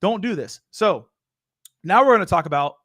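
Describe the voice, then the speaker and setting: A young man hosts a live question-and-answer stream. He talks in a high, energetic voice and stays playful, teasing the audience with y'all. He comes across like someone chatting with regular viewers. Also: normal speed. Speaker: show host.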